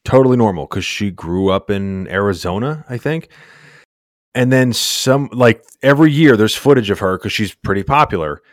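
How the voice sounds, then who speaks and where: A man's voice: on the low side, animated, normal speed, no room sound, studio quality. A man co-hosting a casual sports podcast, laid-back and slangy, rambling through recaps. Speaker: podcast co-host.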